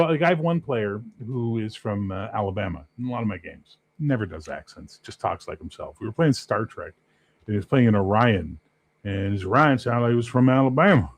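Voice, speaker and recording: A man's voice: medium pitch, a little fast, no echo. Podcast guest: Canadian man, fifties, salty storyteller, dry close sound. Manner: profane, animated storyteller. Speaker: podcast guest, game master. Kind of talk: casual chat.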